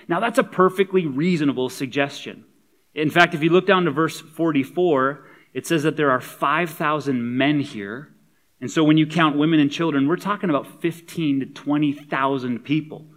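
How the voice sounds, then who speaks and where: A man's voice: a little high, moderate pace. A man preaching a sermon as a pastor. He is conversational and humorous, and he builds to emphatic points.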